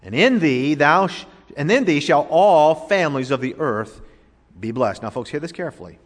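A pastor from Florida preaching a sermon, with emphatic swings between loud declarations and hushed, drawn-out words. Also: male voice, fairly high pitch, expressive. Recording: long hall reverb.

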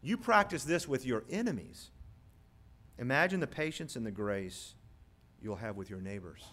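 A man preaching a sermon as pastor, moving from quiet storytelling to loud, rising appeals. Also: mid-range voice, animated, normal speed.

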